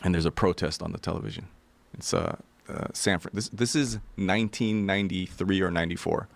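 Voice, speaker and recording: A man with a low, gravelly voice tells a story casually, swearing freely and acting out the other people's lines. The sound is close and dry, with no room echo. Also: a little fast. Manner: animated, profane, acts out quotes.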